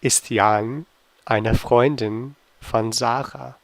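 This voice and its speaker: A young man teaching an online language lesson, drilling practice questions slowly and carefully with frequent ums. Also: medium pitch, steady tone, dry recording.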